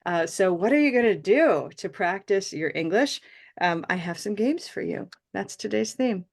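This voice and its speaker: A woman leads an online pronunciation class, speaking through a video call mic. She praises her students warmly and stretches out vowel sounds so they can copy them. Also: mid-range voice, lively intonation, creaky. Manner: encouraging, models vowel sounds slowly. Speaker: pronunciation teacher.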